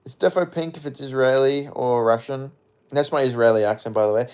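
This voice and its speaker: A man chats offhand on a livestream, reading out comments and riffing on them. His voice sits at an ordinary middle pitch, and his loose, meandering talk is peppered with profanity. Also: brisk, a little mellow, smooth. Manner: rambling, frequent profanity, offhand. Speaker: streamer. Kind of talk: casual livestream chat, reading comments aloud.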